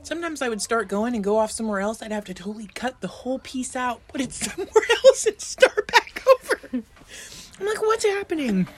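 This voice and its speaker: A woman's voice: fairly high pitch, big pitch swings, fast talker, hardly any pauses. A woman co-hosting a casual podcast chat, rambling and giggly, swearing freely. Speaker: podcast co-host.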